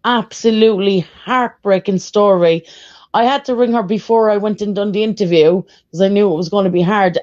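A woman's voice: lowish voice, mellow. A woman streamer chatting on a live stream, emotional and emphatic. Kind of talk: casual chat on a live stream. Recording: dull lo-fi audio.

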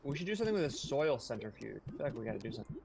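A young man playing a co-op game with a friend, talking in an easygoing, halting way. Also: mid-range voice, big pitch swings, vocal fry, crowd noise. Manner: easygoing, halting, lots of ums and likes. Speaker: co-op gaming partner. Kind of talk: casual let's play chat.

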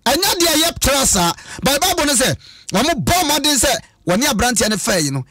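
A Ghanaian man preaching on the radio as a pastor, mixing Twi and English, with bursts of shouting. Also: extremely high pitch, big pitch swings, normal speed, distant mic. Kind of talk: radio sermon. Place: radio studio.

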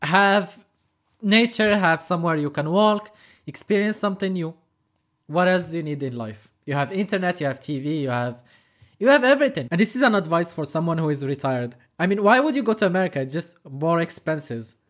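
A man's voice: a little high, lively intonation, brisk, a bit bright. A man hosting a reaction video, giving snarky, joking commentary between clips. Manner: snarky, joking asides, laughs often. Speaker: reaction channel host.

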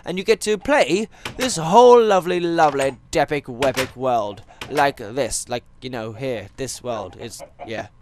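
A man of medium pitch talks unhurriedly with few pauses, in a darkish tone over a little hiss or hum. Hosting a Minecraft let's play, he rambles, jokes and wanders onto tangents while speaking to viewers and to animals in the game.

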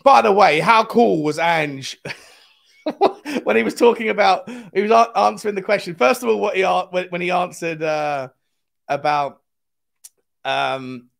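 A man's voice: mid-range voice, vocal fry, a bit bright. A man, hosting a casual live fan stream, chatting and greeting viewers by name as he reads the chat aloud.

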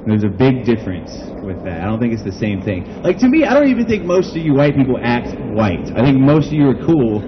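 A man doing stand-up comedy in a backyard, his pitch swinging up and down as he rambles. He runs himself down as he talks and fills his sentences with "like". The recording is slightly muffled, with a faint hiss from the open air behind him. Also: sing-song, fairly quick, hardly any pauses. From United States. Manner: rambling, self-deprecating, heavy use of "like". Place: outdoor backyard show.

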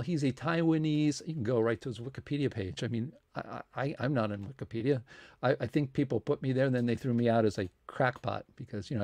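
Man, talk show host, rambling, lots of fillers, mid-pitched, dry sound. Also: darkish tone, no echo. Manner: rambling, many fillers and restarts; earnest appeals for support. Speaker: host of a science talk series. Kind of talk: casual livestream announcements.

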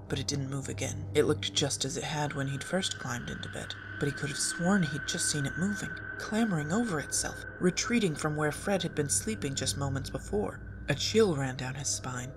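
An audiobook reader narrating a fan fiction story in a calm, measured way. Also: mid-range voice, background noise.

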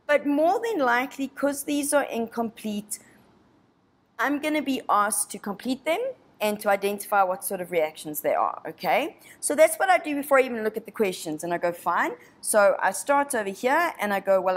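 A woman's voice: fairly high pitch, lively intonation, moderate pace. A woman teacher from South Africa giving an exam revision lesson, chatty and encouraging, thinking aloud through each step. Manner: puts on a snobby voice for a molecule.

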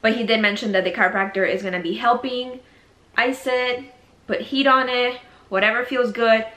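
A woman's voice: a little high, steady tone, moderate pace, fairly bright tone. A young woman chatting casually in a vlog, often out of breath and laughing as she talks. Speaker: vlogger. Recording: roomy echo.

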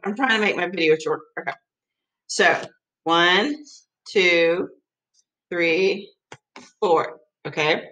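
Woman, teacher, children's math lesson, playful, excitable, slow deliberate pace. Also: medium pitch, poor audio.

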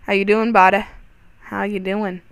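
A young man giving excitable, panicky let's-play commentary over a game, full of startled exclamations. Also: high-pitched, moderate pace, vocal fry, clean tone, no room sound. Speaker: gaming channel host.

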